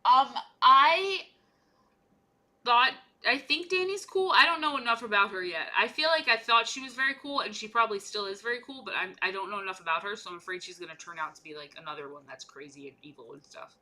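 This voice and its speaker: A woman's voice: on the high side, brisk, sharp tone. A young woman chatting casually and playfully while she paints miniatures on a livestream, rambling from one joke to the next.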